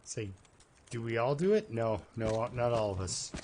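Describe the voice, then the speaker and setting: A man's voice: mid-range voice, sing-song, moderate pace, a little mellow, a little hiss or hum. A man with a Canadian accent giving chatty, rambling gameplay commentary as a streamer, talking to his chat and to himself.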